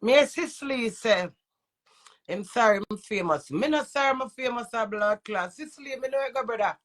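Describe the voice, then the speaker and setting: A woman's voice: a little high, fairly quick. A woman with a Jamaican accent and a runny nose, ranting in heated, profane patois. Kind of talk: angry rant to camera.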